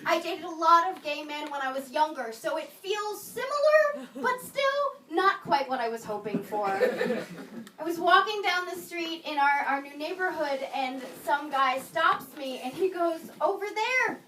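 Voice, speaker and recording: A woman performing a stand-up comedy set, with wry, sarcastic asides and pauses before punchlines. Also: sits high, expressive, noisy background. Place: small comedy venue in a video store, live audience. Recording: roomy live room, mic a bit distant, audience laughter.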